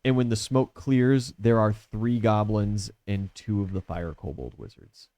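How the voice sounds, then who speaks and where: A young man with a lowish voice narrates a tabletop game as game master. He describes scenes casually, often saying "like," and the sound is dry and close. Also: measured pace, warm tone, no room sound.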